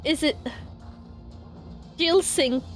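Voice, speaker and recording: High-pitched woman, slow unhurried talk, emotional game streamer, laughs and swears, faint music behind. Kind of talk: casual live-stream chat.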